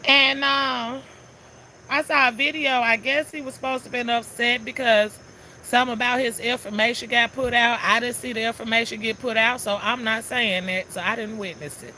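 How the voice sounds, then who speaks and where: A woman's voice: a little high, steady tone, normal speed, bright, forceful tone, a little hiss or hum. A woman chatting casually on a live stream, greeting viewers one by one in a sassy, talkative way.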